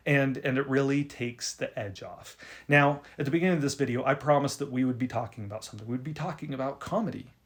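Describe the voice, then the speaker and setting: A young man hosting a video on writing, telling an embarrassing story in an animated, self-deprecating way with frequent restarts. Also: mid-range voice, quick pace. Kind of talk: casual storytelling to camera.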